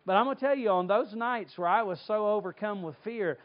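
A man from North Carolina, preaching a sermon and telling stories with lively acted-out voices. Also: high-pitched, a little fast, muffled recording. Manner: animated storytelling, acts out voices. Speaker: pastor.

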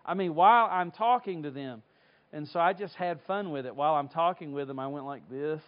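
A middle-aged man from North Carolina preaches in a folksy, storytelling manner with animated asides. His voice sits a little higher than most men's. The recording is dull and lo-fi. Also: brisk. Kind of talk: sermon with personal story. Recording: dull lo-fi sound.

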